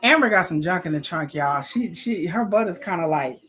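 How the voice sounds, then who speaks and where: Bright-voiced chatty woman commentator. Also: fairly low pitch, moderate pace. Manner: chatty, laughing, animated asides to viewers. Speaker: reality show commentator. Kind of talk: live watch-party commentary.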